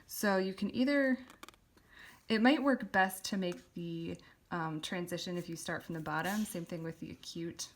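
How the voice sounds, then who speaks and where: Calm woman teaching while writing. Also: lowish voice, normal speed. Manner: relaxed, explaining step by step with filler ums. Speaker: calligraphy teacher. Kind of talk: instructional voice-over while writing.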